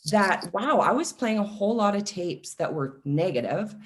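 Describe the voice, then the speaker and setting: A woman in her forties, a self-love coach, talking casually and telling personal stories with lively acted-out quotes. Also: medium pitch, moderate pace, slight background noise. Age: 40s. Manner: animated storytelling, acts out quoted voices. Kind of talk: casual podcast conversation.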